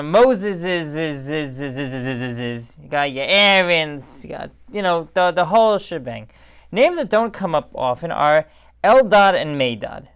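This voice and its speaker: A man's voice: on the high side, a bit bright, smooth. A tired man giving a casual, rambling Torah talk as a rabbi, in a conversational and digressive way.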